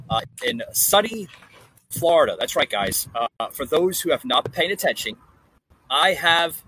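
A man's voice: mid-range voice, bright, forceful tone, slight background noise, rough recording. A man hosting a casual political podcast from a porch outdoors, talking with lots of fillers and restarts. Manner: hesitant, many fillers and restarts. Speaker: podcast host. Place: outdoor porch in a hot climate.

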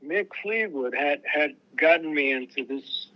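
A man's voice: fairly high pitch, animated, measured pace, highs cut off. A man, a musician guest in an interview, telling stories in a loose, rambling way with many restarts. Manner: rambling, restarts a lot, acts out quoted voices. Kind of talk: casual storytelling interview.

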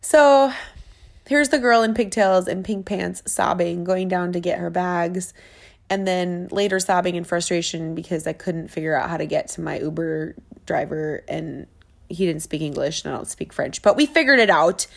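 Gravelly-voiced woman chatting excitedly. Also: on the low side, moderate pace. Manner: chatty and excitable, lots of fillers. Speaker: vlogger. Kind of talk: casual travel chat. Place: rented apartment in a big city.

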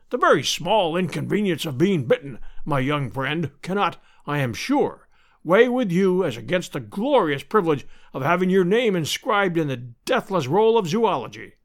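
A booming old professor who lectures with pompous, pedantic relish, as a male narrator puts him on. His voice rides high and swings widely through each grand sentence. He belongs to a classic adventure audiobook. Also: big pitch swings, normal speed. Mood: pompous lecturing.

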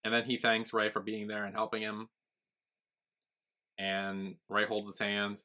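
A man's voice: on the low side, monotone, a little slow, pushed and bright. A man co-hosting a casual TV recap podcast, retelling scenes step by step. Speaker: podcast co-host.

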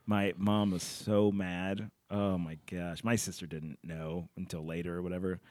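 A man chatting as a guest, playful and quick to laugh. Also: sits low, flat delivery, a little mellow, no echo, studio quality. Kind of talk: casual chat.

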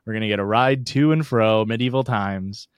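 A man's voice: fairly low pitch, moderate pace, clean tone, no room sound, clean studio sound. A young man co-hosting a casual podcast, teasing and playful in banter. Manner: playful, teasing, goofy bits. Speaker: podcast co-host. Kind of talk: casual chat.

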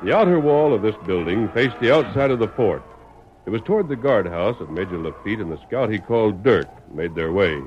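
A man narrating a 1940s radio drama in a measured, dramatic way. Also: on the low side, lively intonation. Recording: dull old radio broadcast, faint hiss.

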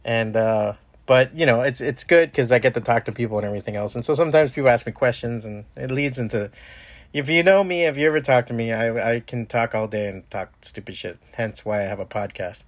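A man's voice: mid-range voice, fairly quick, no room sound. A man hosting a podcast from home, talking in a loose, profane, rambling way with many restarts. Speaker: podcast host. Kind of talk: casual rambling monologue.

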